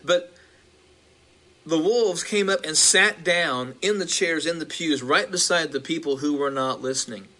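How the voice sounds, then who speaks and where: A male preacher recounting a vision, halting with restarts and building in intensity. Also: on the high side, pushed and bright.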